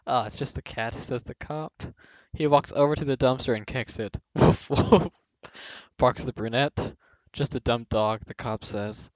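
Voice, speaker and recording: A man's voice: medium pitch, fairly even intonation, moderate pace, no echo. A young man reading jokes aloud for a video, often breaking into laughter partway through a line. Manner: breaks into laughter mid-sentence. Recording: dull, dry home recording.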